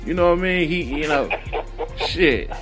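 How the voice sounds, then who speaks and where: High-voiced man telling prison stories. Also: unhurried, over music. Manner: profane, laughs often, acts out quotes. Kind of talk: casual podcast storytelling.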